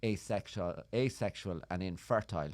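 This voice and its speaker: A man's voice: deep voice, normal speed, dry recording. A man with an Irish accent, a comedian co-hosting a podcast, telling jokey stories and teasing his guest. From Ireland. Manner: animated, teasing, jokey storyteller. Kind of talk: casual podcast chat.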